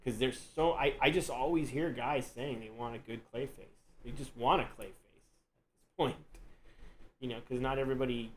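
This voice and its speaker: A man hosting a live stream and chatting casually, relaxed and rambling, with lots of "you know" and "dude". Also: mid-range voice, moderate pace, a little hiss or hum, low-quality recording. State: yawning, tired. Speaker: host.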